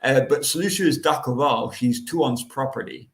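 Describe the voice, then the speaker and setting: Male co-host, mid-pitched, assured explainer, roomy sound. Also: moderate pace, creaky. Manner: explanatory, confident. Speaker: podcast co-host. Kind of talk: casual chat explaining a book.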